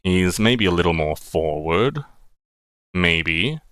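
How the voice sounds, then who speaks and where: Man playing a gravelly old man for a tabletop game, voice dropped low and pushed forward. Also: animated, a bit bright, no room sound, full character voice. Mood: musing. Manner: slow, low, forward-placed. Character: gravelly old man who keeps turning up.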